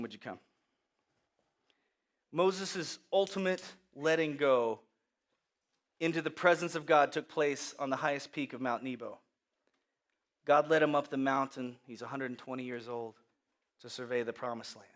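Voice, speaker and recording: A man preaching a sermon as pastor, moving from hushed, quiet lines to loud, animated storytelling. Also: medium pitch, measured pace, long pauses.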